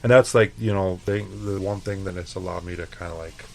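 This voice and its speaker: Deep-voiced chef telling kitchen stories. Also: male voice, fairly even intonation, brisk, creaky, rough recording. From El Paso, Texas. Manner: profane, laid-back, acts out dialogue. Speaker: chef, podcast guest. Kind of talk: casual interview storytelling.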